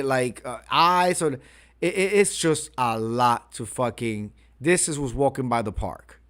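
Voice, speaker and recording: A man hosting a reaction commentary, mocking and crude in his remarks. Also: a little high. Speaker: commentary host.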